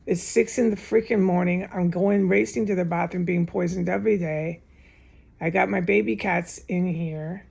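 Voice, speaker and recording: Gravelly, husky woman vlogger. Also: on the low side, fairly even intonation, moderate pace, darkish tone. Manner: agitated, repetitive, with frequent swearing. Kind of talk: rambling direct-to-camera monologue. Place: home, indoors.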